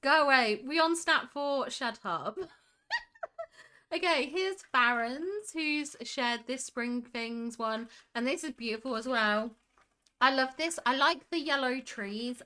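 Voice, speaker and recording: A woman's voice: fairly high pitch, bright, forceful tone, clear, resonant tone. A young woman hosting a casual livestream, reading chat and gushing over screenshots with frequent giggles. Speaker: livestream host.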